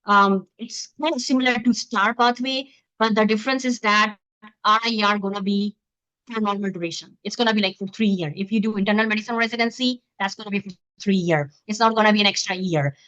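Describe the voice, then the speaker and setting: A woman from Pakistan giving an online webinar talk as a physician-scientist, speaking quickly from her home through a computer mic set back from her. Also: mid-range voice, fairly bright tone, dry recording. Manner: fast-talking, explanatory. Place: home, in the middle of moving. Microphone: computer mic, not close. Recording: dull lo-fi video call audio.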